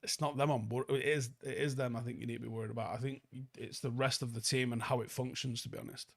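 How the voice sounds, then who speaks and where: Blunt sweary football host. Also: male voice, mid-range voice, little pitch movement, fast, vocal fry. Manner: blunt, sweary, reads viewer comments aloud and answers them. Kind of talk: live stream chat review.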